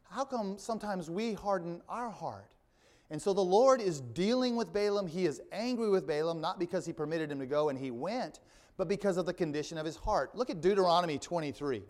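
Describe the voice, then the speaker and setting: A male pastor preaches a sermon, reading scripture aloud and then unpacking it verse by verse. His voice sits a little high for a man, and he adds dry, wry asides along the way. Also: fast talker, darkish tone.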